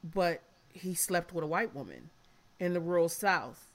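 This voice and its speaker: A woman's voice: on the low side, expressive, a little slow. A woman in her fifties hosting a casual podcast, frank and blunt, swearing freely and calling her guests darling, emotional and close to tears. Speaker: podcast host.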